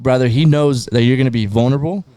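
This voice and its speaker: Smooth-voiced man talking faith. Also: medium pitch, fast talker, mellow, no echo. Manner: restarts often, quotes Bible verses. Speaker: podcast co-host. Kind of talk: casual faith talk.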